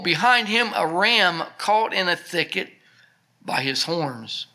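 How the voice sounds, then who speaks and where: Bright-voiced preacher reading scripture. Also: male voice, on the high side. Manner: reads scripture slowly and emphatically, then comments casually.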